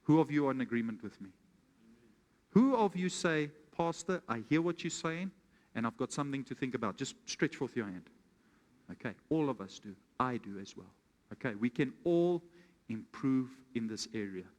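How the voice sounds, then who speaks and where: A man's voice: mid-range voice, lively intonation, normal speed, darkish tone. A man preaching a sermon as pastor, calling out questions to his congregation and telling an everyday story as an example. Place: church hall with congregation. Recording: long reverb of a church hall.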